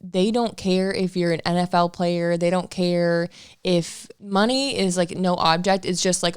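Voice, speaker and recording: A woman's voice: lowish voice, fairly even intonation, unhurried, clear, resonant tone, dry recording, studio quality. A young woman in her twenties co-hosting a casual couple podcast, talking frankly and laughing often. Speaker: podcast co-host.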